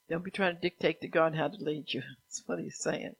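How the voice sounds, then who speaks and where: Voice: medium pitch, fairly even intonation, vocal fry, breathy edge, no echo, poor audio. An earnest preacher delivering a sermon, reading scripture aloud, stopping to explain it, and putting direct questions to the listeners. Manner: pauses to explain the passages being read.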